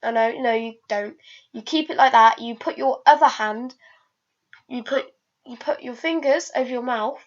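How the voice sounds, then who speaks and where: Heard through a dull, low-fidelity recording, a fairly high-voiced woman talks at normal speed in a relaxed vlog. She wanders from thought to thought, restarting lines again and again and filling gaps with ums and uhs.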